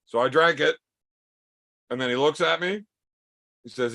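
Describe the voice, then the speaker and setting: A man's voice: a little high, measured pace, gravelly, long pauses, bright, forceful tone. A man hosting a podcast in casual chat, teasing his guest with crude, profane banter. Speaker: podcast host.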